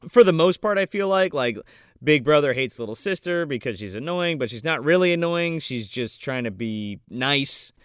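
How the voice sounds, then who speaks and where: A man with a high, very lively voice riffs crudely through a comedic movie review, jumping into silly character voices. The sound is dry and close. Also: moderate pace, clear, resonant tone, no echo. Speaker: podcast co-host.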